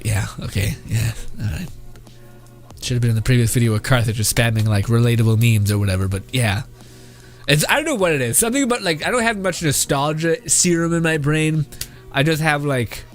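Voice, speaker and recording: A man's voice: a little high, a bit bright. Laughing, rambling young man. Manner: laughs often, rambling and profane. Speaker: streamer reacting to memes. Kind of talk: casual reaction commentary.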